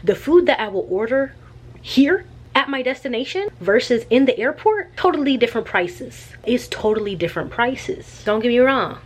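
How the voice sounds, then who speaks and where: A young woman telling an animated, chatty travel story in a casual vlog. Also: on the high side, normal speed, husky. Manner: animated and chatty, with slangy asides. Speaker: vlogger.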